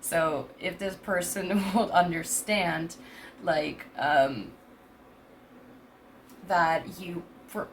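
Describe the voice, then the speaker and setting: Gravelly young woman rambling through a tarot reading. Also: lowish voice, a little hiss or hum. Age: 20s. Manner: rambling, hesitant, many fillers and restarts; laughs often between thoughts. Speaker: tarot reader.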